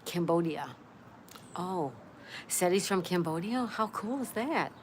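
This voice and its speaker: A woman's voice: on the low side, expressive, a little slow. A woman hosting a casual live stream, chatting with her viewers and greeting them by name. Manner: chatty, greets viewers by name and reads their comments aloud. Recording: clear background noise.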